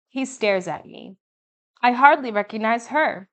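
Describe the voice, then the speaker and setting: A woman narrating an audiobook in the first person, with measured, vivid storytelling. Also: fairly high pitch, lively intonation.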